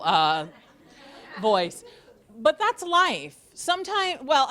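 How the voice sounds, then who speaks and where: A woman's voice: mid-range voice, a bit bright. A woman college instructor giving an orientation talk to students, joking and sarcastic as she goes.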